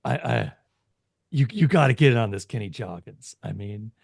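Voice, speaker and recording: Man playing pushy teen boy fan, wheedling sales pitch, gravelly voice, dry close mic. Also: animated, moderate pace, a little mellow, no room sound, full character voice. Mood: coaxing. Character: eager pushy teenage boy music fan. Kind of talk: acting in a tabletop game.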